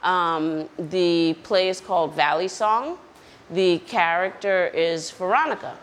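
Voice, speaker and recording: New woman chatting in a cafe interview, animated, keeps saying you see what i mean, faint room hum. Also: lowish voice, slow pace. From Brooklyn, New York. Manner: animated, repeats herself, keeps checking in with the listener. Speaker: actor, interview guest. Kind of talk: casual interview chat.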